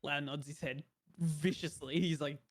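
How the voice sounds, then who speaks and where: A man's voice: fairly high pitch, fairly even intonation, a little slow, dry recording. A man playing in a tabletop game, describing his character's actions in an amused, narrating way. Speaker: player. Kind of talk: casual tabletop play.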